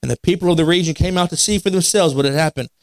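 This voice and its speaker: Male pastor, conversational sermon delivery that climbs to emphasis; slightly high pitch. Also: rapid-fire, no echo. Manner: conversational preaching with repetitions and restarts, rising to emphatic. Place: church sanctuary.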